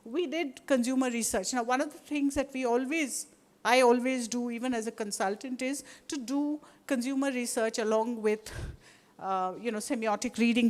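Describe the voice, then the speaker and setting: Indian woman lecturing, discursive and chatty. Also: on the high side. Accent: Indian English. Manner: discursive, with many restarts and asides. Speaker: guest speaker. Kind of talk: lecture to a live audience.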